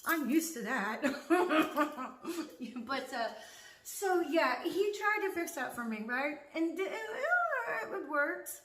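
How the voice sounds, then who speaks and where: A woman's voice: sits high, big pitch swings, slow pace, fairly bright tone, echoey room, slight background noise. A woman in a casual monologue, laughing often, swearing freely and dropping into whispers.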